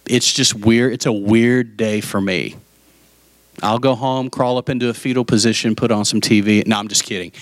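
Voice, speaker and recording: A man's voice: on the low side, dry recording. A middle-aged man, a pastor preaching a sermon, telling personal stories openly and acting out quoted voices. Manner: candid storytelling, acts out quoted voices.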